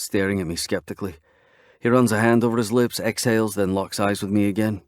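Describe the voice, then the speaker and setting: Man, low voice, first-person audiobook narration, gritty, dry close sound. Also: fairly even intonation, brisk, no room sound. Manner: gritty, intense, profane.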